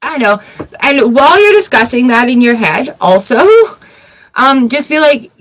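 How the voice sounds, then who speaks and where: A woman hosts a tarot livestream, giving casual advice in a candid, encouraging way and slipping in asides to herself. Her voice is a little high, expressive, and a little fast, and the audio quality is poor.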